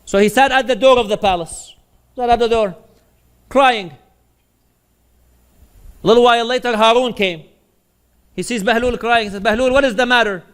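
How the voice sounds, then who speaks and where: A man's voice: very high voice, moderate pace, pauses often, fairly bright tone, clear, resonant tone. A man preaching a sermon, telling stories with animation and putting questions to his audience.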